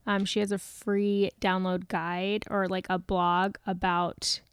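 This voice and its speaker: A woman in her thirties co-hosting a podcast, chatting in an animated way. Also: medium pitch, slow, smooth, dry recording. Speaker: podcast co-host. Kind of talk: casual chat.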